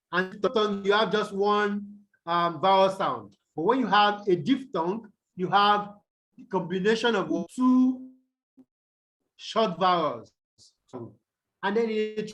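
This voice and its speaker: A man with a high voice teaches at an unhurried pace over a video call. He asks questions and then answers them himself. He says example words twice, slowly, to show the stress. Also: a bit bright, rough recording. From Nigeria. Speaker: English tutor. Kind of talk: online tutorial lesson.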